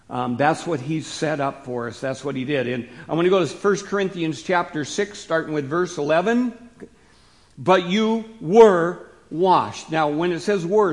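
A man preaching a sermon as pastor, stressing key words loudly, then dropping to soft asides. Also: a little high. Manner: emphatic, swings between loud stresses and soft asides. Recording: long hall reverb.

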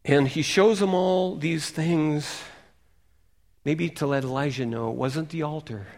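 A male pastor preaching a sermon, telling a story dramatically and swinging from loud emphasis to hushed near-whispers. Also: fairly high pitch, a little slow.

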